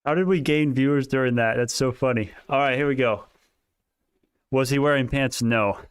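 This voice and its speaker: A man hosting a live stock market stream, talking excitedly, laughing often and restarting his sentences, a little out of breath. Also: medium pitch, normal speed, smooth, no echo, clean studio sound. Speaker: stock market livestream host. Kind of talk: casual livestream talk.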